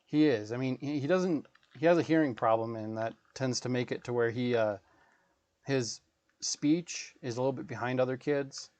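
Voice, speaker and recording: A man's voice: medium pitch, normal speed, a little mellow, no echo, lo-fi sound. A man in his thirties, a gaming livestreamer, telling rambling, profane stories in casual chat.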